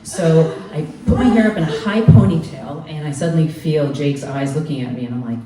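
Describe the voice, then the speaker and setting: A woman's voice: sits low, brisk. A woman in her twenties telling a personal story live on stage, acting out the people she quotes. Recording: echoey room, mic from far off, faint noise.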